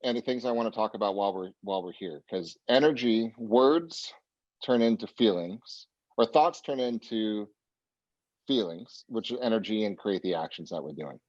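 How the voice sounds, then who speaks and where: Brief emphatic male trainer, lower voice, dry close sound, slightly dull audio. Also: normal speed, a little mellow, no room sound. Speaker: real estate trainer. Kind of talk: coaching talk.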